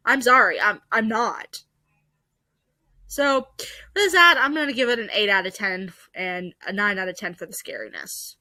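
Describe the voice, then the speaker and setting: Bright-voiced, exasperated woman reviewer. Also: mid-range voice, expressive, moderate pace, dry recording, rough recording. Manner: blunt, exasperated, swears a lot. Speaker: video host reviewing ads. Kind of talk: casual commentary.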